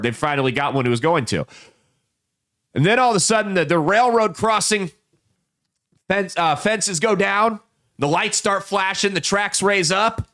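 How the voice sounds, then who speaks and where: A man with a fairly high-pitched voice hosts an opinionated political commentary show. He tells folksy parables and slips into quick voices for the people in them. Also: a bit bright. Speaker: podcast host.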